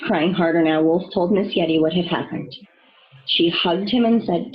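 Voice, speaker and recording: A woman reading a children's storybook aloud, expressive and storytelling. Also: lowish voice, normal speed, lo-fi sound. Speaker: reader.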